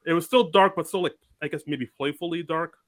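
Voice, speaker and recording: Podcast co-host, male, eager and upbeat, bright tone. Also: on the high side, a little fast. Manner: enthusiastic, excitable. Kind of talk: casual chat.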